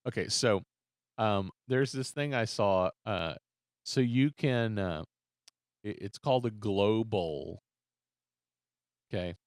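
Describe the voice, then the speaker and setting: A man's voice: fairly low pitch, slow pace, pauses often, no room sound. Joking man, dry close mic. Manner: laughs often, chatty and joking. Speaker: podcast co-host. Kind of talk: casual podcast chat.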